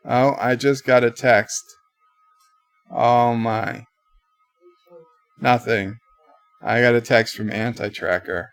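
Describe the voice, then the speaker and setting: A man hosting a casual livestream from his bedroom, reading viewers' comments aloud in a livelier voice and answering them in a lower, quieter tone. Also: fairly even intonation, takes it slowly, vocal fry, pauses often, soft background music. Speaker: livestream host.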